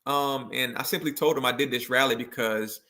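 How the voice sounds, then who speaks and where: A man's voice: mid-range voice, brisk, sharp tone. A man, a motivational speaker and education consultant, telling a story in a video interview. He speaks loosely, with many likes, and acts out the quotes.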